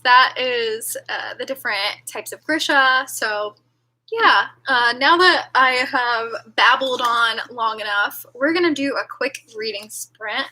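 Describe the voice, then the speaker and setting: A woman's voice: fairly high pitch, sharp tone, poor audio. A young woman hosting a live stream, chatting casually and rambling with lots of fillers and giggles. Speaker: livestream host. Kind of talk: casual livestream chat with viewers.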